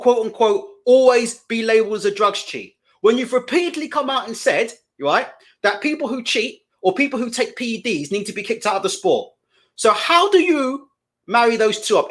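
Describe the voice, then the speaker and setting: Man, high voice, swooping pitch, indignant profane boxing rant. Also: a bit bright. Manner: indignant, profane, repeats questions. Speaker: boxing commentator and host. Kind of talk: live commentary rant.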